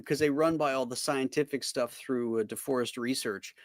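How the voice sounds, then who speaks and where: A man's voice: mid-range voice, steady tone, normal speed, no room sound. A man co-hosts a casual livestream in a dry, close-sounding recording. He jokes facetiously and pads his sentences with fillers. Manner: joking, facetious, hesitant fillers. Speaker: podcast co-host.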